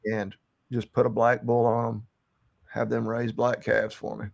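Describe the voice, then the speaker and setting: A man talks shop about cattle in casual podcast chat. His voice carries a gravelly fry. He rambles easily, piling on fillers and false starts as he thinks aloud. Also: mid-range voice, a little slow. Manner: relaxed, rambling with frequent fillers and restarts. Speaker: podcast co-host and cattle rancher.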